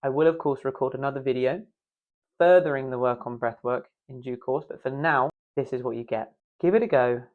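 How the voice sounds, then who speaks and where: A man's voice: mid-range voice, brisk, narrow, tinny audio. Playful man coaching voice and breath. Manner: playful, demonstrative, self-mocking asides. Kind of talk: instructional video.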